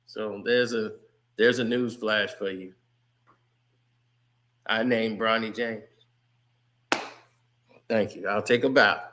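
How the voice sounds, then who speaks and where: A man giving casual, animated sports commentary on his channel, laughing often. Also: lowish voice, slow, pauses often, background noise. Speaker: YouTube commentator.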